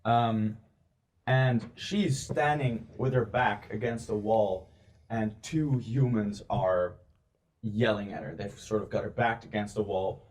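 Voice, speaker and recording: A man narrating as game master of a tabletop game, pausing often and filling gaps with ums and likes. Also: on the low side, a little mellow. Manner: hesitant, filler-heavy narration.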